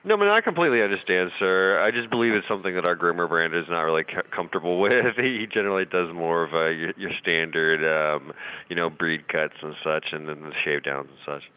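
Deep-voiced polite man over a tinny phone line. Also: lively intonation, a little fast, clear, resonant tone. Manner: polite, apologetic customer service. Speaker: pet groomer shop clerk.

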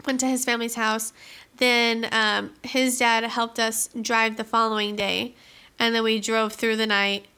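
A woman's voice: a little high, little pitch movement, unhurried, pushed and bright, clear, resonant tone. A woman in her twenties casually telling a long personal story, with lots of "like" and laughing asides. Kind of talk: casual chat.

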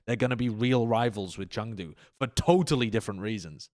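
A man's voice: fairly low pitch, brisk, a little mellow. A man giving opinionated, slangy esports analysis in a casual panel chat.

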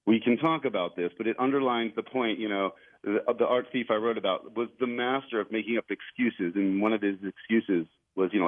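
A man's voice: lowish voice, brisk. A man, an author and journalist, talking as a guest in a radio interview, telling his story eagerly and chuckling now and then. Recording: tinny phone line.

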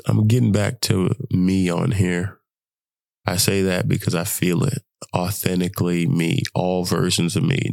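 A young man hosting a podcast, sick with the flu, talking in an animated, preachy way and laughing often. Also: on the low side, creaky, no echo. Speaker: podcast host. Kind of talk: casual motivational monologue.

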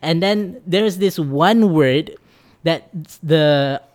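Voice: mid-range voice, very slow. Laughing Malaysian speaker, mid voice. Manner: animated, laughs often, exclaims in mock outrage. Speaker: podcast co-host. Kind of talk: casual podcast chat, mostly English with Malay.

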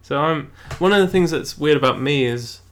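A man's voice: on the high side, moderate pace, a bit bright. A man from Cumbria, chatting casually and laughing easily. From Cumbria, England. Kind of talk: casual chat.

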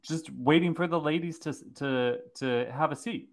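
A man's voice: a little high, normal speed. A man co-hosting a podcast, joining the recap with playful, laughing banter in casual chat. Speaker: podcast co-host.

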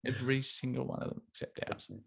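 A man's voice: medium pitch, completely flat delivery, fast, creaky, fairly bright tone, slightly rough. A man co-hosting a podcast, joking and rambling through stories in casual chat. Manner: jokey, rambling storyteller. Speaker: podcast co-host.

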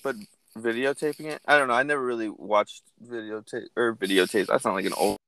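A young man in casual conversation, rambling through an animated story and cursing freely. His pitch sits mid-range for a man. The sound is close and dry, with no room around it. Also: brisk, no echo. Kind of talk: casual chat.

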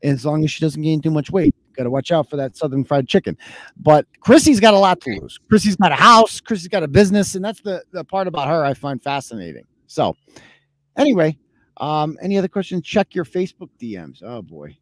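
A man's voice: on the high side, very animated, a little fast, no echo. A man in his thirties hosting a live podcast, ranting in a casual, profane and mocking way. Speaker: podcast host. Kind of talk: casual live-show rant.

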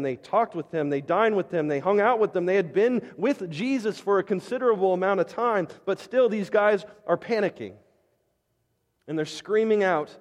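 Preaching man, dramatic, in a reverberant hall. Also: on the high side. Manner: dramatic preaching, acting out the disciples' outbursts. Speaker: pastor. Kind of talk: sermon.

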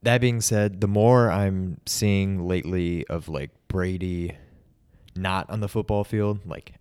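A man's voice: low-pitched, slow pace, darkish tone, smooth, dry recording, studio quality. A man co-hosting a podcast, giving rambling opinions in casual chat. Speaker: podcast co-host.

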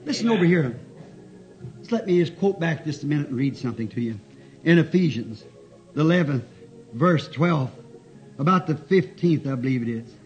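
A man preaching a folksy, fervent sermon and telling stories, with sudden shouts. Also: a little high, expressive, moderate pace, pauses often. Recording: dull lo-fi old tape, faint music.

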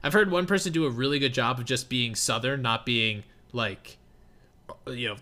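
Bright, jokey young podcast guy. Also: medium pitch, moderate pace. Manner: animated, jokey, laughs along. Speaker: podcast co-host and streamer. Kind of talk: casual podcast chat.

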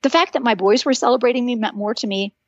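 Middle-aged woman chatting as a podcast guest, kinda high voice, animated and encouraging, dry close mic. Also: fast, dry recording, lo-fi sound. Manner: animated storytelling, earnest and encouraging. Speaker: podcast guest, author and speaker. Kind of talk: casual chat.

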